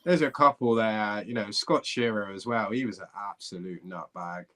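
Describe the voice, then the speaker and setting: A man's voice: lowish voice, normal speed. A man, a former footballer, telling a rambling anecdote full of restarts and breaking into laughter. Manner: rambling, laughing, animated storyteller. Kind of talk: storytelling anecdote. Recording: clip played from earlier stream.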